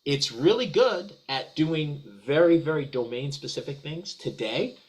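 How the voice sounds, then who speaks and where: A man's voice: fairly high pitch, animated, unhurried, rough recording. A man answering as a guest in a business webinar, talking eagerly with frequent restarts and repeated words. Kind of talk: conversational webinar discussion.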